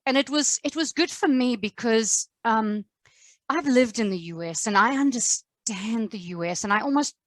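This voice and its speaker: This is a woman hosting a podcast and chatting with an old friend. She gushes and laughs easily, and her voice sits slightly high. The sound is dry and close, with little room around it. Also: moderate pace, no room sound. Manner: animated, effusive, laughs often. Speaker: podcast host. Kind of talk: casual chat.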